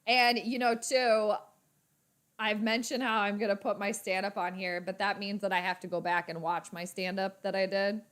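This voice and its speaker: A woman hosting a live football reaction stream, chatty and excitable, laughing often. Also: mid-range voice, normal speed. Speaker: sports channel host.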